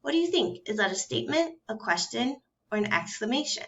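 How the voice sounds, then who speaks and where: A woman teaching a recorded first grade reading and grammar lesson, speaking slowly and clearly and sounding out letters one at a time with patience. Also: on the high side, very animated, a bit bright, highs cut off. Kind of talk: recorded phonics and grammar lesson for young children.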